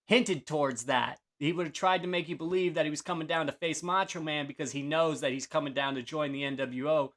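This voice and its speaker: Chatty wrestling-review host, man. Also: high-pitched. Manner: relaxed, many fillers and restarts, acts out quotes. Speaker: podcast host. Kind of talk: casual wrestling review chat.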